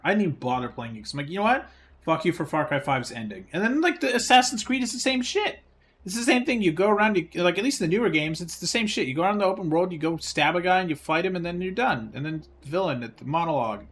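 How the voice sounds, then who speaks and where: A man chatting casually on a live stream while he plays. He rants in an exasperated, profane way, and his voice sits a little higher than most men's. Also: lively intonation, fast talker, a bit bright, slight background noise. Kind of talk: casual livestream chat while gaming.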